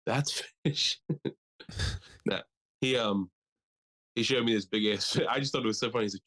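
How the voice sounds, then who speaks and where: A man's voice: lowish voice, moderate pace, pauses often, a bit bright. A young man from Delaware co-hosting a podcast, swearing freely and joking in a loose, rambling way. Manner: loose, profane and joking, slips into mocking impressions. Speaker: podcast co-host. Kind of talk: casual chat.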